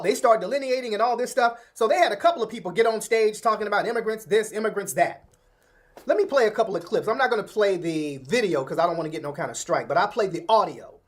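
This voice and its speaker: Sarcastic man commenting on awards. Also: high voice. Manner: dismissive, sarcastic. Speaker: commentator in played clip. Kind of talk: video commentary.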